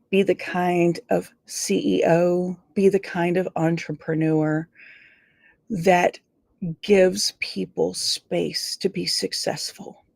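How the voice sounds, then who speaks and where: A woman's voice: fairly low pitch, vocal fry, a little mellow, no echo, studio quality. A woman giving an earnest motivational talk on leadership, stressing key words and drawing them out. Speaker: leadership speaker. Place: studio.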